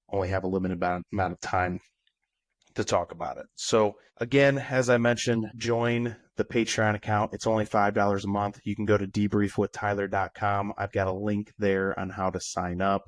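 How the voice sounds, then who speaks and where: A man's voice: on the low side, fairly even intonation, normal speed, no room sound. A man hosting a podcast reads a direct, upbeat promotional announcement. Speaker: podcast host.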